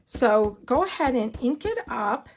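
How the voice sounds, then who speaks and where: Brief: high-pitched woman, excitable crafting demonstrator, chatty and rambling, live from an indoor craft room. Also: a little slow, breathy edge. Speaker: card-making demonstrator.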